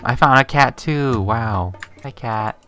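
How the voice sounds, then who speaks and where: A woman's voice: a bass voice, slow pace, fairly bright tone, soft background music. A young woman casually commenting on her gameplay in a giggly, playful, exclaiming way. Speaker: gaming video host.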